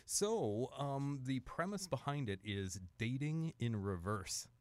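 A middle-aged Canadian man co-hosting a casual chat, telling stories with lively acted-out quotes. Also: mid-range voice, slow, no room sound. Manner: animated storyteller, acts out quotes. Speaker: podcast co-host.

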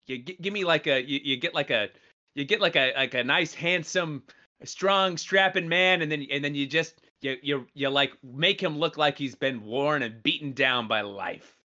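A man's voice: on the high side, normal speed, sharp tone, highs cut off. A man chatting casually as a podcast co-host, rambling with many fillers and restarts. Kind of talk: casual chat.

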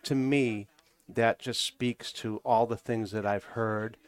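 A man's voice: fairly low pitch, fairly even intonation, slow pace, clear, resonant tone. A man with a New England accent, a cigar podcast co-host, chatting casually and telling rambling stories with easy laughs. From New Hampshire. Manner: rambling, storytelling, laughs easily. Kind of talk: casual chat.

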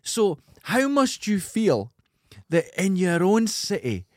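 A Scottish man co-hosting a podcast in casual chat, animated and mocking. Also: high-pitched, takes it slowly, no room sound, studio quality. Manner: animated, mocking, breaks into exaggerated impressions. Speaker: podcast co-host.

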